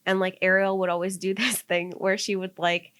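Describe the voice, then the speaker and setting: Her voice is medium-pitched, clear and resonant with a bit of brightness, delivered flatly at normal speed. Co-hosting a podcast, this young woman casually shares a personal story, rambling with heavy use of "like" while she laughs and gets teary.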